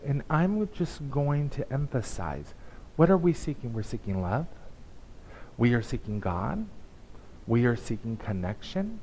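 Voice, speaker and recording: A man giving a conversational, emphatic sermon at a church service, with pauses and restarts. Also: medium pitch, sing-song, a little mellow, a little hiss or hum, poor audio. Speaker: guest speaker.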